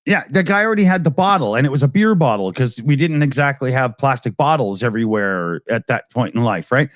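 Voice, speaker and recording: A man's voice: medium pitch, lively intonation, brisk, dry recording, clean studio sound. A man hosting a casual talk show, telling rambling stories with lots of laughs. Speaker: show host. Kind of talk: casual chat.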